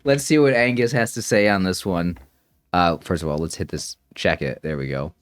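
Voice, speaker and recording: A man's voice: low voice, moderate pace, clear, resonant tone, no room sound, clean studio sound. A man thinking aloud as he reacts to a puzzle video, rambling and correcting himself as he goes. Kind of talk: casual thinking-aloud commentary.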